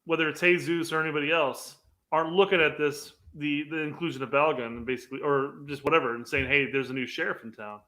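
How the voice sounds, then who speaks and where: A man's voice: on the high side, fairly even intonation, quick pace, sharp tone. A man co-hosting a casual sports podcast, easygoing and explanatory, laughing along with his co-host.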